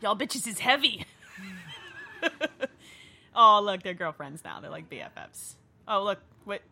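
Snarky woman mocking a film, lively and bright, swears a lot. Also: medium pitch, a little slow, vocal fry, a little hiss or hum. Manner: swearing, snarky, laughs often. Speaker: movie commentator. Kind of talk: casual movie-watching chat.

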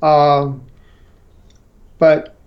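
An older man from Missouri telling a story in an interview, halting with many fillers and restarts. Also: fairly high pitch, level tone, muffled recording. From St. Louis, Missouri. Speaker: interview guest.

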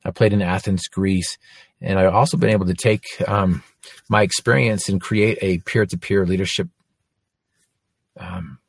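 A man's voice: sits low, fairly even intonation, moderate pace, creaky, pauses often, slightly rough, no room sound, studio quality. A man in his forties giving an earnest faith testimony, telling his story with frequent restarts. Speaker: inspirational speaker.

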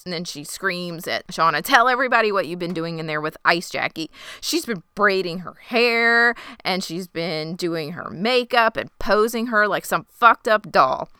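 Woman co-host, resonant and bright, wry casual recap. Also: fairly low pitch, clean tone, dry recording. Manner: dry and wry, quick reactions. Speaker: podcast co-host.

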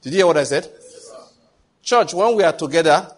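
A man's voice: on the high side, lively intonation, a little fast. A man preaching a sermon as pastor, emphatic, full of rhetorical questions and pidgin asides.

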